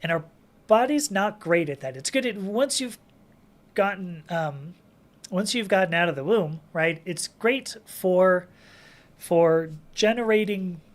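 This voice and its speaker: A woman's voice: fairly low pitch, expressive, a little slow. A woman hosting a casual livestream Q&A, chatting and reading viewer comments aloud with frequent laughs and restarts. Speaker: livestream host answering chat questions.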